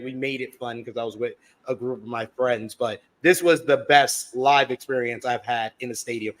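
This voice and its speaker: A man hosting a casual live podcast, upbeat and chatty as he reads out the chat. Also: mid-range voice. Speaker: podcast host.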